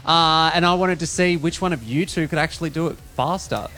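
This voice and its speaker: A man's voice: a little high, a little fast, bright, forceful tone. A man hosting a show, chatting casually and teasing his co-hosts. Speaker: radio host. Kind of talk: casual banter and mock race commentary.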